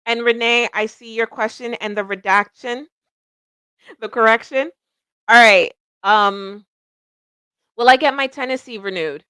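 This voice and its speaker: Middle-aged woman, higher voice, self-deprecating livestream host, dry close mic. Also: a little slow, pauses often, bright, forceful tone, smooth, no room sound. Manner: rambling, self-deprecating, laughs often. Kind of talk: casual livestream chat.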